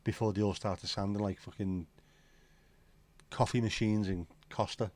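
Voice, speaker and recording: A man's voice: lowish voice, fairly even intonation, moderate pace, darkish tone, dry recording. Sweary Liverpool man ranting on a livestream. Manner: opinionated, sweary, rambling rant. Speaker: livestream host. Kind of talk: casual chat to a live audience.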